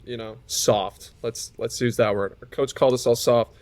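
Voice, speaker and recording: A man's voice: mid-range voice, fairly even intonation, normal speed, darkish tone, no room sound. A man co-hosting a podcast, telling a story in a rambling way, full of fillers and restarts. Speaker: podcast co-host. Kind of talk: casual chat.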